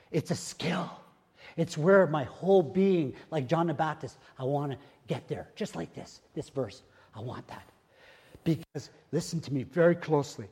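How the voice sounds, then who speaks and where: Older pastor, hushed to shouting. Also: male voice, a little high, expressive, normal speed, husky, long reverb tail. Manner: swings from hushed murmurs to loud exclamations; repeats phrases for emphasis. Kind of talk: sermon. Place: church.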